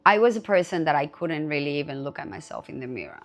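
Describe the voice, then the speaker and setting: A woman with a low-pitched voice talks fast and with animation on her own podcast. It's casual solo talk, candid and full of free swearing.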